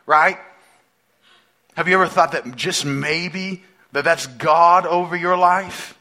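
Bright-voiced preacher giving a chatty sermon. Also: male voice, a little high, takes it slowly. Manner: conversational, asks the congregation many questions; emphatic, repeats phrases for stress. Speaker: pastor.

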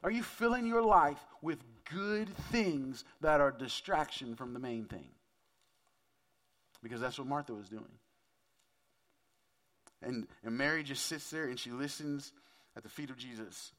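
A man's voice: medium pitch, measured pace, pauses often, a bit bright. A man preaching a sermon in a casual, conversational way, often asking his listeners questions. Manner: conversational, asks the audience questions. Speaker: pastor.

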